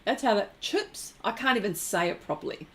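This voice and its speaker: A woman's voice: medium pitch, expressive, quick pace. A middle-aged woman from New Zealand with a Kiwi accent, hosting an art livestream, chatting casually and laughing often while she reads viewer comments. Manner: giggly, laughs often between remarks.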